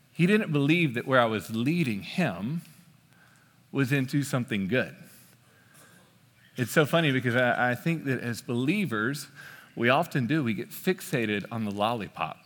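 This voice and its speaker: A man in his thirties preaching a sermon, telling a story in a relaxed, joking way with frequent "uh" fillers. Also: mid-range voice. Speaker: pastor. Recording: long hall reverb.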